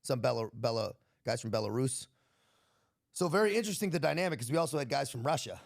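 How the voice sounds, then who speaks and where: A man's voice: mid-range voice, lively intonation, fast, creaky. An American man, a military veteran guest, telling stories in a laid-back, profane way and laughing often. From United States. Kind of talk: casual podcast storytelling.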